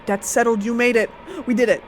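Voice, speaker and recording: A woman voicing a scheming male loan shark who talks in a low, quiet, threatening drawl. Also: level tone, fairly quick, background noise, natural voice. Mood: menacing.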